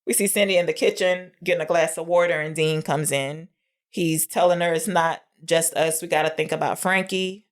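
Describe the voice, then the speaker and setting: Female podcast co-host, low voice, casual film recap, earnest. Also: fairly even intonation, moderate pace.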